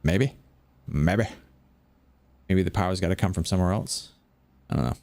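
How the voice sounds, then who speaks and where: Low-voiced chatty man. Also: fairly even intonation, quick pace, darkish tone, no echo. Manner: rambling, chatty, answers viewer chat. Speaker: gaming video creator. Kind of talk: casual gameplay commentary. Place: home, late at night.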